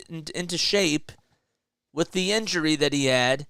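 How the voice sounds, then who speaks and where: A man's voice: a little high, a little slow, gravelly, a bit bright, clean tone, dry recording, clean studio sound. A man hosting a solo sports show, ranting with frustration and emphasis about his team's losses and speaking directly to the manager. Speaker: sports commentary host. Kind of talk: solo fan rant about baseball.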